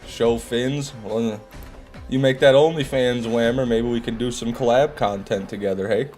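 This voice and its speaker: A man's voice: medium pitch, steady tone, normal speed, a little mellow, faint music behind. A man with a groggy morning voice hosting a live gaming stream. He chats casually, reads out viewer messages and swears when things go wrong.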